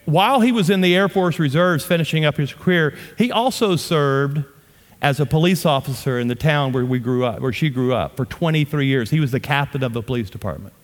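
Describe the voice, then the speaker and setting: A man's voice: on the high side, brisk. A middle-aged man from Louisiana, preaching a sermon as a pastor with humorous storytelling and playful asides to the audience. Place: church auditorium. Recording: long reverb of a large hall.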